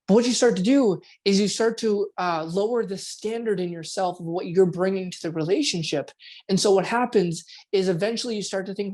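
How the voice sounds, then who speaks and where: At night in his home, a performance coach records a relaxed podcast, his high voice moving at a quick pace. He speaks somewhat softly, dramatizes quoted inner voices, and swears every so often.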